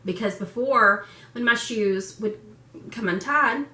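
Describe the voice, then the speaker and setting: A woman's voice: fairly high pitch, slow pace, pushed and bright. A woman in her forties talking candidly and emotionally in a personal vlog, laughing often as she speaks. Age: 40s. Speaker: vlogger. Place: room in a home. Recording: echoey room, far from mic.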